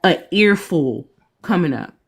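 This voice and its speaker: A woman's voice: fairly low pitch, measured pace, breathy edge. Woman ranting casually on a reaction stream, lots of ups and downs in her voice, laughs a lot. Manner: animated, emphatic, laughs often. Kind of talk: casual commentary chat.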